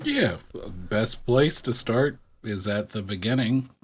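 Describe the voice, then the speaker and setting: A man's voice: fairly low pitch, expressive, slow pace, slightly rough. A man co-hosting a podcast in casual chat, with dry, jokey remarks. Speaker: podcast co-host.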